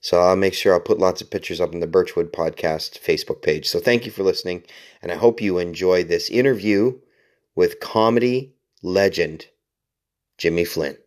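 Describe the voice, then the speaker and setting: A man's voice: deep voice, moderate pace. A man hosting a podcast, telling a long story casually, with lots of swearing, restarts and laughter. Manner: rambling, profane, self-mocking, laughs often. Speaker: podcast host.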